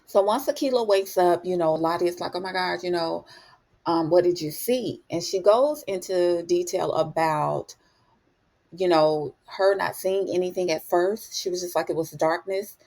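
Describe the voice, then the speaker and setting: A woman's voice: on the low side, normal speed, darkish tone. A woman hosting a TV episode recap, telling it in a chatty, storytelling way, full of fillers and asides. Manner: chatty storytelling, lots of "you know" and "honey". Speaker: TV recap host.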